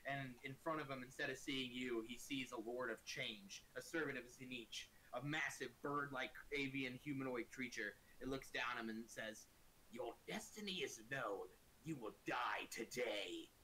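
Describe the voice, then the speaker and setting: A man running a tabletop game as game master, with playful, dramatic narration. His voice is bright and sits at a mid pitch. There is a faint hiss on the recording. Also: steady tone, normal speed, few pauses.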